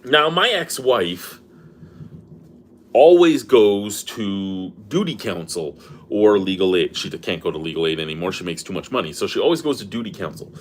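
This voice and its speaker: A man's voice: lowish voice, animated, normal speed, a little hiss or hum. A middle-aged man in an angry personal rant, swearing and exasperated as he vents. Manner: profane, exasperated, venting. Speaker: beer review vlogger.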